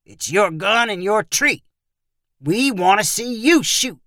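A man's voice: sits high, animated, slow pace, pushed and bright, no echo, clean studio sound, voice pushed up, full character voice. A man reading the part of a rowdy, pushy young visitor who talks in a demanding, mocking way.

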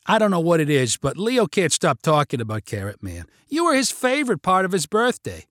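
A brisk, persuasive sister who keeps nudging and teasing, as a man reads her part. Her voice sits a little higher than his narration and moves lively. The recording is dry and close. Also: no echo. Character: Lisa, the narrator's take on a pushy sister, adult woman.

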